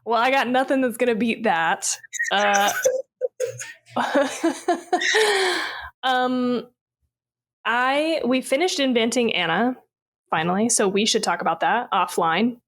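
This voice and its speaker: A woman's voice: fairly high pitch, slow, pauses often, a bit bright. A woman co-hosting a horror podcast in casual chat, speaking candidly and rambling a little with exclamations. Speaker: podcast co-host.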